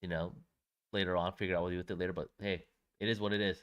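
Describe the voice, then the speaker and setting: A young man co-hosting a podcast, chatting casually and breaking into playful loud banter. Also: sits low, flat delivery, very fast, smooth. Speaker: podcast co-host. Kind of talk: casual chat.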